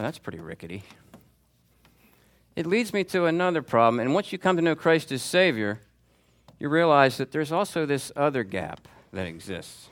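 Bright-voiced man teaching a Sunday class. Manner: conversational, calls on students by name; lively, pitch swings for emphasis. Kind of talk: teaching sermon. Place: church classroom before a group.

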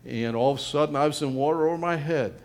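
An older man leading a small Bible study group, telling stories in a casual, animated way and crying out loudly for emphasis. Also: on the high side, fast talker. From Canada. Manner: animated storyteller, loud sudden cries of help. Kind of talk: casual teaching with group sharing.

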